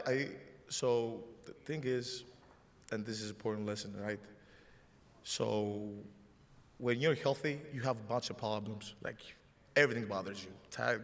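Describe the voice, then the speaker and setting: A man with a Greek accent talks on a live stage, stopping and starting as he tells his story. His voice sits at an ordinary middle pitch. A long reverb from the large hall trails each phrase. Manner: halting, restarts often, emotional storytelling. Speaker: host. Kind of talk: live stage show conversation.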